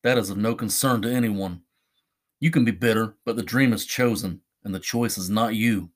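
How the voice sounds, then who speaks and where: A mocking, judgmental male ghost talks in a slightly lowered and scornful voice, voiced by a male narrator. He sounds cold and unmoved throughout. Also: normal speed, lightly acted.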